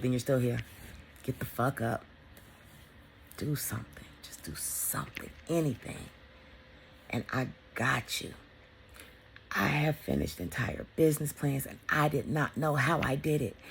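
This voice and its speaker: A woman vlogger talking in a casual motivational monologue, blunt and profane, swinging between loud emphasis and hushed whispers. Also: very deep voice, normal speed, gravelly, a little hiss or hum.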